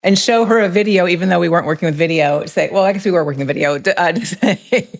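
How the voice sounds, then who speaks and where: A woman's voice: lowish voice, animated, fast talker. A middle-aged woman hosting a podcast, chatting and reflecting in a casual conversation. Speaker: podcast host.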